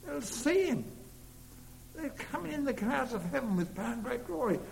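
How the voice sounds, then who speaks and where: A man's voice: extremely high pitch, sing-song, moderate pace, gravelly. A man preaching a sermon earnestly, leaning hard on key words. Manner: earnest, rising to emphatic stresses. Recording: long reverb in a hall, faint hum.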